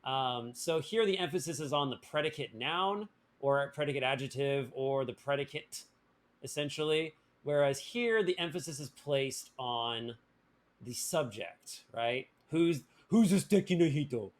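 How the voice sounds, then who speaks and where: A man's voice: medium pitch, unhurried. A man teaching a language lesson on a live stream, playful and joking, with many fillers and restarts.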